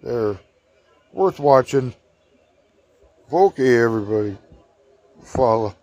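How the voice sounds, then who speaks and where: A man's voice: mid-range voice, animated, takes it slowly, darkish tone, dry recording. Rambling male storyteller. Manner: chatty, meandering, chuckling. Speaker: vlogger.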